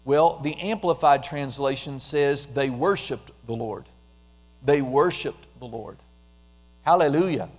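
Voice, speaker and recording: A man preaching a conversational sermon, repeating phrases and dropping into a soft, quiet voice when he prays aloud. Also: medium pitch, a little slow. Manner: conversational, repetitive, drops softly into prayer voice.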